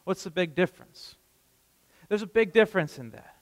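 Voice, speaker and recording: A man's voice: a little high, big pitch swings, brisk, in a large hall, rough recording. A man giving a sermon as pastor, talking in a conversational way with frequent restarts and repeated words.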